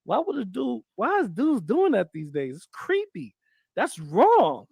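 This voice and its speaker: A man commenting casually on a live panel, animated and profane, often acting out quotes. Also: very high-pitched, unhurried, creaky, husky, no echo. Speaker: panel co-host.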